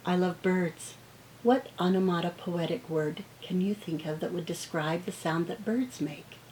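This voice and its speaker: A middle-aged woman teacher reading picture books aloud to children, acting out the sound words with animated expression. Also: lowish voice, slight background noise, rough recording. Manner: slow, gentle pace.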